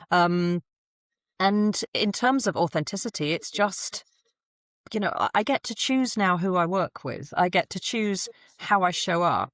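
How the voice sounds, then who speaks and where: A woman's voice: on the low side, no room sound, studio quality. Blunt, candid woman guest. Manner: blunt, animated storytelling with laughs. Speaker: podcast guest. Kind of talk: candid conversational interview.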